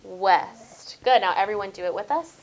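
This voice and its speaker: A woman's voice: medium pitch, lively intonation, rough recording. A woman teacher, leading a small-group spelling lesson and thinking aloud as she models each word. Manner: slow, drawn-out modeling of words and sounds. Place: classroom.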